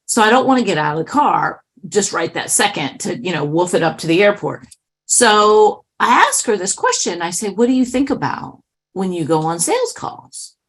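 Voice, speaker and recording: Woman author, animated storyteller, husky lower voice, conversational. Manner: lively, animated storyteller with asides. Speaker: author and keynote speaker.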